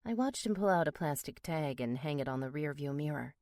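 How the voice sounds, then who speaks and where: A woman narrating a first-person romance audiobook in a steady, measured way. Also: sits low, no echo, studio quality.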